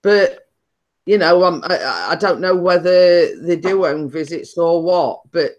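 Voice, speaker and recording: A woman's voice: lowish voice, a little slow. A woman hosting a casual chat, rambling and repeating her words as she tells a story. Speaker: host.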